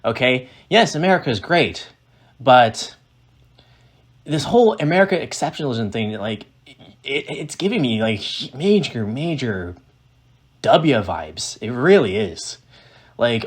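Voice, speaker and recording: A man's voice: mid-range voice, sing-song, unhurried, pauses often, slightly rough. A man giving casual reaction commentary on a political speech, ranting in a sarcastic, profane, exasperated way.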